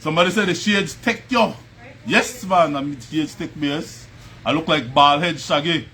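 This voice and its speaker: Hosting a casual home livestream over background music, a Belizean Creole English–accented man talks with a fairly high, sharp voice at normal speed. He laughs frequently and welcomes viewers by name as he chats.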